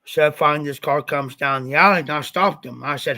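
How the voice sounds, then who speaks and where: Man, livestream host, casual rambling storyteller, slightly congested, bright tense tone, fairly high voice. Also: fairly quick, no room sound. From Ohio. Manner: rambling, repeats "I said" often. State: slightly stuffed up after the flu.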